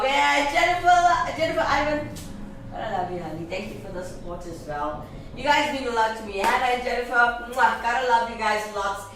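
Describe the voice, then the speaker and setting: A woman hosts a live show, reading viewer comments and thanking them in a fond, gushing way. Her voice sits a bit high. She sounds far from the mic in a very echoey room, with clear background noise. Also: fairly bright tone. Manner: affectionate, gushing. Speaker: host.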